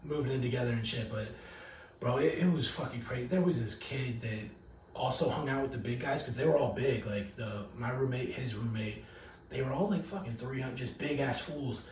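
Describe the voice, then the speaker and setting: A young man co-hosting a podcast, telling crude, animated stories in a casual chat. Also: mid-range voice, fairly quick, slight background noise. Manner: profane, animated storytelling with bursts of loud impressions. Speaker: podcast co-host. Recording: echoey room, mic at a distance.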